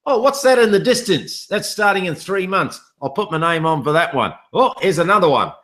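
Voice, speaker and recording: A man voicing a distracted online ad-clicker who gets excited by every new program he sees. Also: sits high, brisk, pitched above the performer's own voice. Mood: dazzled. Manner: excited, wide-eyed exclamations.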